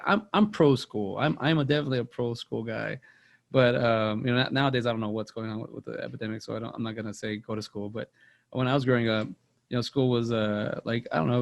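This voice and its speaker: A man's voice: mid-range voice, gravelly. A young man, rambling through a casual movie chat on a podcast and repeating words as he tells stories. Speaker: podcast co-host.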